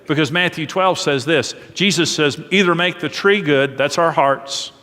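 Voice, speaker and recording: A middle-aged man preaching a sermon as pastor, earnest and preacherly, drawing out key phrases slowly. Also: a little high, pushed and bright. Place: church auditorium. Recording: long reverb of a large hall.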